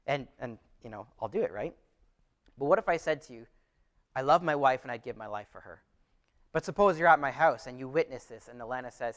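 A man's voice: medium pitch, expressive, a little fast, a bit bright. A pastor preaching a sermon to his church, earnest and conversational, often restarting his phrases.

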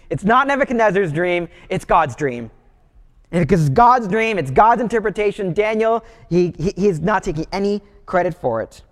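High-voiced man preaching in a reverberant hall. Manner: conversational storytelling preaching. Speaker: pastor. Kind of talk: sermon.

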